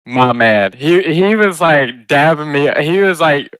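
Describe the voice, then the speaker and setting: Smooth, bright young man, giggly. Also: a little high, lively intonation, no room sound. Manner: giggly and loose, quick to joke. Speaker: podcast co-host. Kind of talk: casual storytelling chat.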